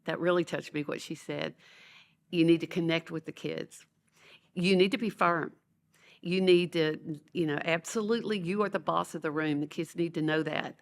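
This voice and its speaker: An older woman with a drawl tells classroom stories with real animation. She slips into the voices of the people she quotes, and her voice sits low for a woman. It is a relaxed, conversational podcast interview. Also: moderate pace, gravelly. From Louisiana, USA. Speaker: educator and author, guest. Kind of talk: conversational storytelling.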